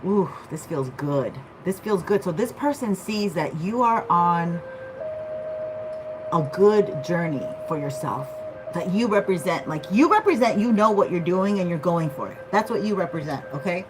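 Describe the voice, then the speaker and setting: A woman's voice: fairly low pitch, lively intonation, moderate pace, over music, rough recording. A woman giving a casual tarot reading, chatty and loose, often checking in with "okay?". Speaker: tarot reader.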